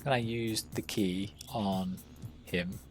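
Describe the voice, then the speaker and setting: A man's voice: on the low side, fairly even intonation, slow, over music. A man streaming a game, with puzzled, dry asides while reading dialogue aloud. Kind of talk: casual gaming commentary, reading dialogue aloud.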